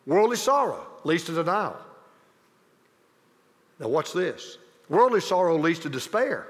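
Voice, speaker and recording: A man with a high voice delivers a sermon, his pitch swinging widely as he presses each point. He repeats key phrases for emphasis and drops into chatty asides to his listeners. The sound carries a long reverb from a large church hall. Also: big pitch swings, measured pace. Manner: emphatic and repetitive, with conversational asides to the congregation. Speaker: pastor.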